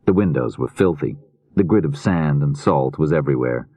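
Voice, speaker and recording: A man reading a mystery novel aloud in a measured, steady narration. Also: rumbling low, dry recording. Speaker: audiobook narrator. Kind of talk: scripted narration.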